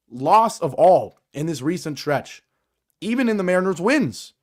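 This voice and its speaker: A man with a raspy voice, hoarse from a cold, hosts a sports podcast. His fairly high voice drives through emphatic, exasperated commentary. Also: sing-song, unhurried. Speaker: podcast host.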